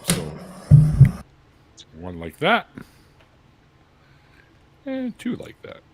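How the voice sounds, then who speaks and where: A man's voice: fairly high pitch, huge pitch swings, drawn-out words, over music. A man hosting a casual hangout, narrating each step of his LEGO build as he goes. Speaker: host building a LEGO set. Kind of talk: casual chat while building.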